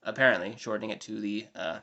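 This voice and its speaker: A man's voice: on the low side, fairly even intonation, fast, gravelly, sharp tone, lo-fi sound. A man in his twenties with an American accent, giving a rambling, chatty life update with self-deprecating asides. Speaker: vlogger. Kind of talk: casual diary-style life update.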